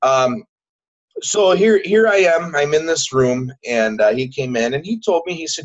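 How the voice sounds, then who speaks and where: A man telling a personal story as a guest in a casual interview, halting and repeating words, acting out what people said. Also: a little high, animated. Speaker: podcast guest. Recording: dull lo-fi recording.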